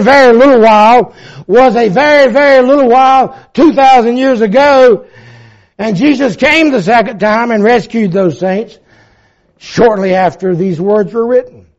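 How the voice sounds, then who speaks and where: A man of seventy-four preaching a sermon with fervor, swinging from loud emphasis to hushed reflection and quoting old-fashioned scripture. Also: very high voice. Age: 70s. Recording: dull lo-fi recording.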